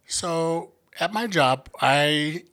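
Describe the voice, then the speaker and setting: A man's voice: on the high side, extremely slow, a bit bright. A man hosting a casual podcast, telling stories in a laid-back, slangy, profane way.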